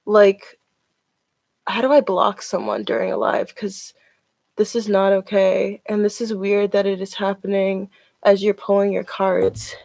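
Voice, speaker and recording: A woman's voice: mid-range voice, flat delivery, unhurried, gravelly, a little mellow, no echo. A woman chatting casually on a live stream as she reads tarot cards, filling her talk with "like". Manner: chatty, with many "like" fillers.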